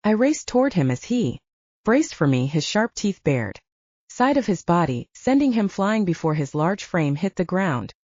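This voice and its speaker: A woman narrates an audiobook in a low, mellow voice whose pitch moves a great deal as she tells the story. The sound is dry and close, with a slightly dull, lo-fi quality. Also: big pitch swings, moderate pace, no room sound. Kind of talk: first-person audiobook narration.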